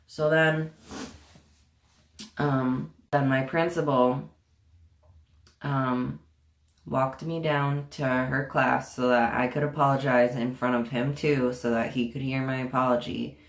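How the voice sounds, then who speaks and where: A woman's voice: extremely low pitch, little pitch movement, takes it slowly, pauses often. A young woman telling a storytime vlog in a casual, profane and indignant way, full of sarcasm. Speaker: vlogger. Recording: echoey room.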